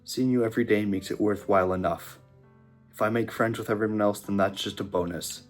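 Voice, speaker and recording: A man playing through a visual novel, quietly reading the hero's lines aloud and breaking off into emotional reactions. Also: on the low side, steady tone, fairly quick, soft background music. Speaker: gaming YouTuber. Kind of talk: let's-play reading and reacting.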